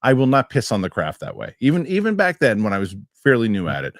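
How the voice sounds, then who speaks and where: A middle-aged man hosting a casual talk show, telling stories and reading viewer messages with animated, excitable delivery. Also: lowish voice, fast, no echo, studio quality. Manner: animated storytelling, excitable rants. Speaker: show host. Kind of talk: casual chat.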